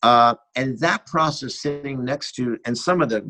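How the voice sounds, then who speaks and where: A middle-aged American man, a guest cinematographer, tells animated behind-the-scenes stories in a casual interview and acts out bits of dialogue. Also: medium pitch, moderate pace, rough recording. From United States. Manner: animated anecdotal storyteller who acts out dialogue.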